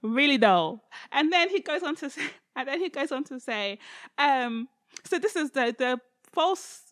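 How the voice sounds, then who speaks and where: Animated woman retelling Bible stories. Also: high-pitched, moderate pace, no echo, clean studio sound. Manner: animated, laughing, acts out lines in quotes.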